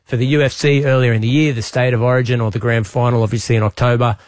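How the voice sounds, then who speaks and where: An Australian man, a state premier, chatting as a radio guest in an earnest, measured way. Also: medium pitch, little pitch movement. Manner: earnest, measured, policy-minded. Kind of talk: casual radio chat.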